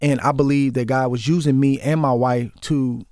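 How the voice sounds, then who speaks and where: Sitting in for a relaxed radio interview, this former boxer in his forties, an Oakland native with a Bay Area accent, makes his case earnestly, repeating words as he goes. His medium-pitched voice is slightly mellow, fairly even in intonation, and at normal speed, picked up dry by a studio microphone.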